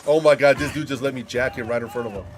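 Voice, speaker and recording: Talking fast at a medium pitch, a male gaming host swears his way through lively stories. It's casual commentary delivered while he plays.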